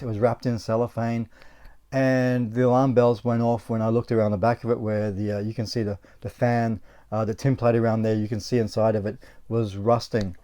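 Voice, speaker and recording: A man with an Australian accent talks through his console clean-up in a loose, rambling way, dotted with fillers and restarts. His voice sits at an average pitch with a dark, mellow tone. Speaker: host of a retro console restoration channel. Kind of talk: casual narration of a restoration video.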